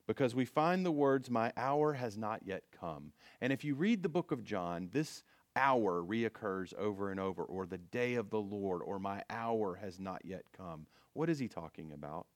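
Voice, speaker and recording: A man's voice: on the low side, animated, moderate pace, no echo, studio quality. A man pastor giving a conversational sermon, with frequent restarts and fillers.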